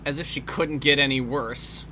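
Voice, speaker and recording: A man's voice: mid-range voice, fairly even intonation, moderate pace, bright, forceful tone, slight background noise. A man giving casual film commentary, swearing freely and laughing often.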